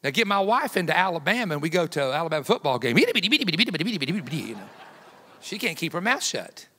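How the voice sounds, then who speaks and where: A man in his fifties, a guest evangelist preaching a sermon with folksy, joking personal stories that build to loud emphatic peaks. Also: a little high, animated, quick pace, slight background noise. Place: church sanctuary. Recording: long hall reverb in a church.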